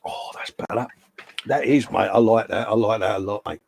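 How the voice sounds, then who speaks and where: A man's voice: on the low side, brisk, vocal fry, a little mellow, husky. A man hosting a casual model-building chat, joking in slang and putting on silly voices. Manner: jokey banter, slang, puts on funny voices. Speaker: host. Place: hobby workshop bench.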